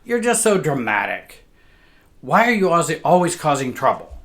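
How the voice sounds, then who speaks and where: A man's voice: fairly high pitch, very animated, moderate pace, fairly bright tone, pitched above the performer's own voice. A man voicing a stern, dismissive mother who scolds her small daughter harshly. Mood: scolding.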